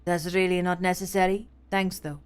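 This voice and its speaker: Woman playing a worn-out middle-aged detective, low, dragging voice, chilled and shaky. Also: steady tone, clean tone, natural voice. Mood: weary. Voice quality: slow, dragging, hushed. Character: weary middle-aged male detective, shivering.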